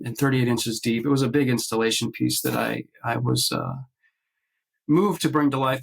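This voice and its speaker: A man with a gravelly, fry-edged voice at a middle pitch, talking over a video call. He tells his stories in halting bursts, full of fillers and restarts, and slips into the voices of the people he quotes. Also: poor audio. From based in Nashville. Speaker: guest artist. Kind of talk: casual interview storytelling.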